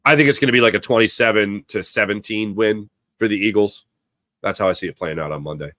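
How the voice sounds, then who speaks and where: A man hosting a live sports talk show, giving opinionated takes and answering viewer chat in an animated way. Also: fairly low pitch, no echo, studio quality. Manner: opinionated, animated, quick asides to chatters.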